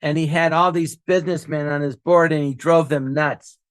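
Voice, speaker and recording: A man's voice: a little high, steady tone, normal speed, clear, resonant tone, no echo. A man co-hosting a podcast, animatedly telling a comic story and acting out other people's lines. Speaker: podcast co-host. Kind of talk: casual chat, comic storytelling.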